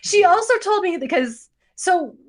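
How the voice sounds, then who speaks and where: Her voice is very high and a little slow. She's a podcast co-host in her forties, telling a lively story in casual chat and laughing a lot along the way.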